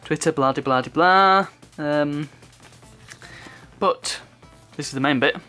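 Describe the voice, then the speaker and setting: A man's voice: a little high, takes it slowly, pushed and bright, clear, resonant tone, soft background music. A man casually chatting through an unboxing, rambling off on asides and chuckling at his own remarks. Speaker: unboxing video host.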